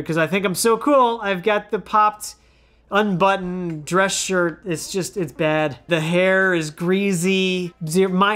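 A man in his thirties talks through his childhood red-carpet outfits in a loose, casual vlog manner. His tone is playful and self-mocking, and quiet music plays faintly behind him. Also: high voice. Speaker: former child actor reviewing his old outfits.

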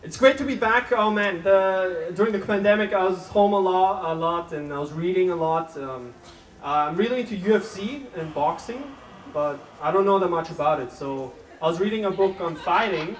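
Comedian in a roomy club. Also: male voice, high-pitched. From Austria. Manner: conversational, chats with audience, halting restarts. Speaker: stand-up comedian. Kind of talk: live stand-up set. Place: comedy club stage, live audience. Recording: roomy club, distant mic, crowd noise.

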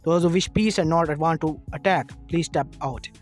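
A man reading as Naruto, a calm ninja sage. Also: a little high, soft background music, close to an everyday voice. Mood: calm, firm. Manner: calm, measured. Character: calm adult male ninja sage hero.

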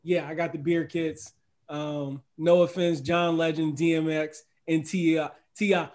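The host, a middle-aged American man, runs a casual livestream chat, laughing often and reading the chat aloud. His voice is on the high side and his pace is measured.

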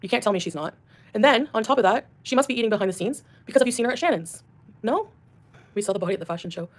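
A woman's voice: on the high side, lively intonation, racing. A woman streamer ranting defensively in clips from her livestream.

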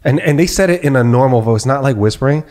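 A man in a relaxed podcast conversation with a mid-range voice and an ordinary pace. He tells his story with lively energy and voices the people in it as he goes. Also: medium pitch, quick pace. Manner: animated storyteller who acts out quoted people. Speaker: podcast host. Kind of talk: casual podcast chat.

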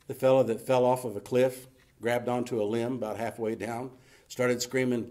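A man's voice: medium pitch, flat delivery, normal speed, mellow. A man preaching a sermon in a church as pastor, folksy and emphatic, often closing a thought with "you see". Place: church sanctuary.

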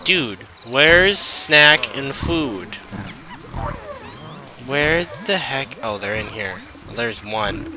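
A man's voice: mid-range voice, expressive, drawn-out words, a crowd in the background. A man giving casual gameplay commentary and exasperatedly scolding the creatures in his game. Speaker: let's play host. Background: game music.

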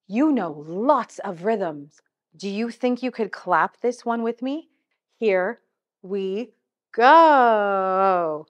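A woman's voice: medium pitch, expressive. Upbeat woman teaching a children's music class. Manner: upbeat, coaxing, slow and clearly articulated. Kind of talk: children's music lesson with call-and-response.

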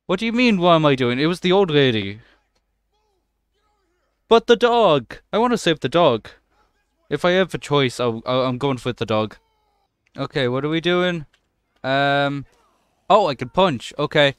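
A young man giving a casual, jokey let's-play commentary, excitable and swearing often as he plays. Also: fairly high pitch, moderate pace, smooth, dry recording, studio quality. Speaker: gaming channel host.

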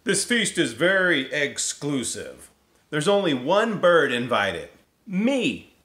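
A man's voice: fairly high pitch, sing-song, slow pace, pushed and bright, reverberant, pitched above the performer's own voice, heavily acted. A man voicing a conceited, swaggering male turkey in a read-aloud picture book. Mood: boastful. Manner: boastful, later wailing.

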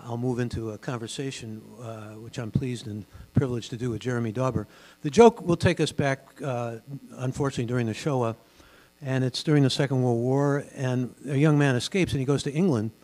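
An older man with a booming broadcaster voice, giving a genial, chatty talk as a guest speaker in a large synagogue hall, with many fillers. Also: darkish tone. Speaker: guest speaker and radio host. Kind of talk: relaxed storytelling talk at a public event. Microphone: stage microphone.

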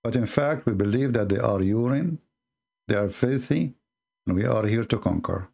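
Guy doing a smug scheming preacher, gloating, sneery, a bit lower voice. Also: expressive, moderate pace, creaky, a little mellow. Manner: mocking, sneering impression.

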